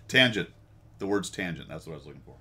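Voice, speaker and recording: A middle-aged American man with a deep, low voice hosts a casual chat for his viewers. He rambles from tangent to tangent, pokes fun at himself and laughs often. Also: animated, normal speed, pushed and bright. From United States. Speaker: host.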